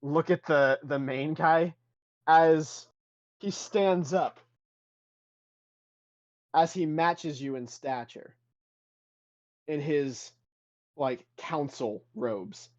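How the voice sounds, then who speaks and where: Game master, male, mid pitch, loose halting narration, slightly dull recording. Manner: relaxed, halting with fillers.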